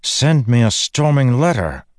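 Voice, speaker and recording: A defiant queen with a sharp, scornful tongue, her words snapped out high and hard, as a deep-voiced male reader puts her on. The reading is dry and close, with no room sound around it. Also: big pitch swings, unhurried, no room sound. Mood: snappish, scornful.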